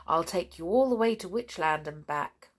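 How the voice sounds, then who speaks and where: A woman's voice: lowish voice, lively intonation, normal speed. A woman voicing a kindly, cheerful witch who speaks in a grand, sing-song way. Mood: fond farewell.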